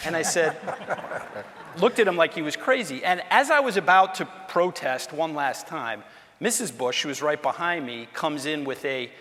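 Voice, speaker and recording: A man, a former presidential aide, telling an anecdote during a lecture in an animated way and acting out the dialogue. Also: a little high, normal speed, slight background noise. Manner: animated storyteller, acts out quoted dialogue. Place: lecture hall. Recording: reverberant hall sound.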